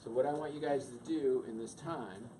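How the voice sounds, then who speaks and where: A man's voice: mid-range voice, normal speed, mellow. A man giving a couples' workshop talk, speaking conversationally and quizzing his audience. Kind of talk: teaching a couples' class. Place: meeting room with an audience. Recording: distant mic with background noise.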